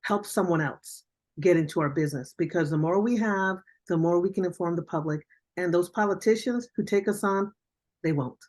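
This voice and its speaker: A woman's voice: on the low side, normal speed, darkish tone. An older woman, a veteran journalist, giving blunt, emphatic career advice as a guest on an online mentoring interview over a video call.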